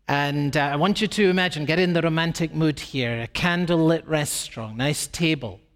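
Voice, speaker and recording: A man with a fairly high voice preaches a sermon with emphatic, dramatic shifts in pace and pitch. His words carry a long reverb through a large hall. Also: normal speed.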